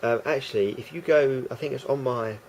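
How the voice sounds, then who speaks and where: A man's voice: mid-range voice, brisk, a little mellow, slight background noise. A man rambling through a casual vlog monologue, hesitant and full of restarts and fillers. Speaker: vlogger.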